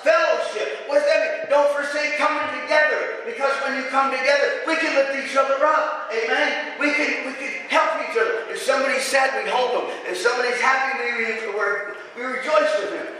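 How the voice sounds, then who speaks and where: Man preaching, high voice, bright tone, animated, calls for amens, echoey hall, mic far off. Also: a little fast, few pauses. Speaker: pastor. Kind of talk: sermon. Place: church.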